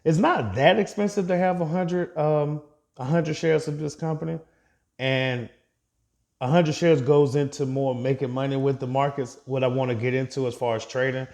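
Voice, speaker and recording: A man's voice: medium pitch, fairly even intonation, moderate pace, creaky, a little mellow. A man vlogging a casual update on his investments, chatting directly to his viewers and laughing off his own slips.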